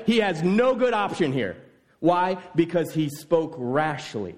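A man preaching a sermon, telling a scripture story with lively, voiced exclamations. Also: fairly high pitch.

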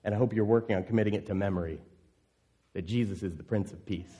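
A pastor preaches fast and earnestly, putting questions to the congregation. For key words, he sinks into a quiet, low voice.

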